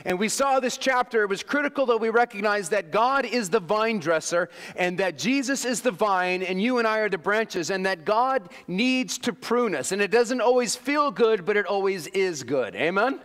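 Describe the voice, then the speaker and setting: A man's voice: high voice, expressive, normal speed, hardly any pauses, fairly bright tone, long reverb tail. A man preaching a sermon as pastor, emphatic, asking the congregation for an "amen" now and then. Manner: emphatic preaching with call-and-response asides.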